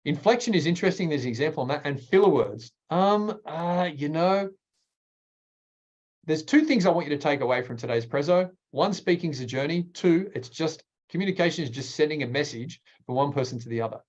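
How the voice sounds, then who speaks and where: A man, a speaking coach presenting a workshop in an energetic, emphatic way with deliberate pauses. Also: dull audio. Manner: energetic, emphatic, varies pitch widely.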